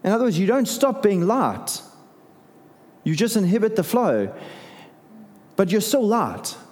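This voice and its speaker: Middle-aged male pastor, casual sermon delivery, slightly high and mellow, long reverb. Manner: conversational, animated preaching with self-deprecating asides.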